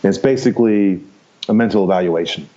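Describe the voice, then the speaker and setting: In a candid storytelling interview, a man in his fifties rambles frankly through his life, with casual swearing and easy laughter. His voice sits low and dark, moves fairly quickly, and comes through with lo-fi sound.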